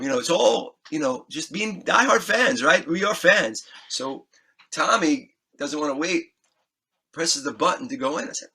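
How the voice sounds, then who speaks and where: A man being interviewed as a musician, telling an animated, excitable anecdote, acting out scenes and swearing freely. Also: on the high side, unhurried, breathy edge. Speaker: guest musician.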